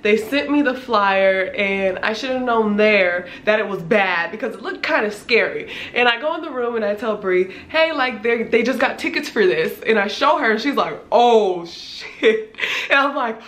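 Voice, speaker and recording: A woman in her twenties with a congested voice, casually telling a storytime tale with animated delivery, laughing often and filling her talk with "like.". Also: on the high side, normal speed, few pauses. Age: 20s. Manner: animated, laughing, lots of "like" fillers. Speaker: vlogger. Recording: roomy echo, faint background noise.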